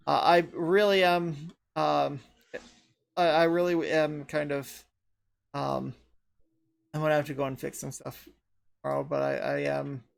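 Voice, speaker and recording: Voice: medium pitch, gravelly. A podcast host from Canada who says they are tired, chatting casually and rambling with frequent laughs. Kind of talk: casual chat.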